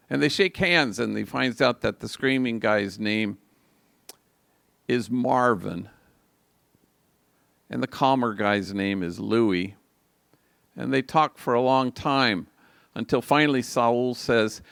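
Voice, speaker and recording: A man's voice: on the low side, no echo. An older man, a priest, telling a story in a reflective homily at a live liturgy. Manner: slow, reflective, gravelly delivery.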